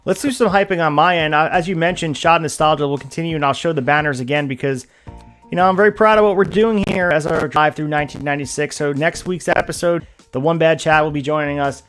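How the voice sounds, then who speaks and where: A fairly high-voiced man hosting a laid-back wrestling podcast, talking in a lively, promo-like way. Faint music plays in the background behind him. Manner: energetic, hypes and plugs upcoming shows. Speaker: podcast host. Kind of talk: casual wrestling podcast chat.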